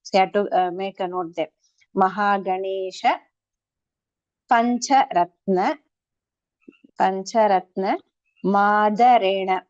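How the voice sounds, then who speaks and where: A woman leads an online chanting class, saying syllables slowly and precisely. Her voice has a steady middle pitch and sits very dry and close. The call audio is dull and lo-fi. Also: no echo. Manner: patient, precise, repeats each syllable. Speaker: chanting teacher. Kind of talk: online pronunciation lesson.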